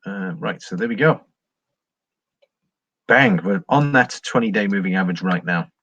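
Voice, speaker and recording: A man's voice: fairly low pitch, very animated, normal speed, vocal fry, fairly bright tone, breathy edge, no room sound, highs cut off. Chatty man hosting a market livestream. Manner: chatty, rambling, reads viewer comments aloud. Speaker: livestream host reading charts. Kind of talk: casual livestream chat.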